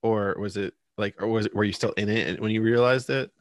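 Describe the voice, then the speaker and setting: A man's voice: fairly low pitch, fairly even intonation, fairly quick, dry recording, studio quality. A man from the Philadelphia area hosting a podcast, asking questions with frequent stammering restarts. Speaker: podcast host. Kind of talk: casual interview.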